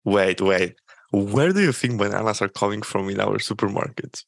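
A man's voice: on the low side, normal speed, creaky. A man co-hosting a podcast in casual chat, joking, swearing freely and cutting in with questions. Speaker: podcast co-host.

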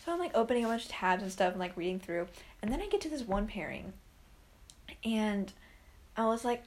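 A woman's voice: mid-range voice, lively intonation, fairly quick. A woman chatting casually with a friend, rambling with lots of "like" and playful teasing. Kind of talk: casual chat between friends.

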